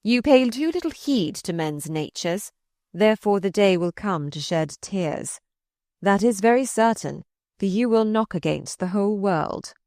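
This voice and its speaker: A woman reading aloud voices a sardonic, malicious older male courtier who mocks in slow, drawn-out phrases. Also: medium pitch, animated, a little mellow, dry recording, studio quality. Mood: mocking. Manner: mocking, drawn-out.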